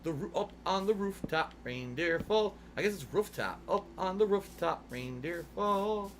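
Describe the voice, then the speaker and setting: Rambling, animated male streamer. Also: sits high, normal speed, a little hiss or hum. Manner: rambling, musing aloud, frequent swearing. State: yawny, sleepy. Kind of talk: casual livestream chat while gaming.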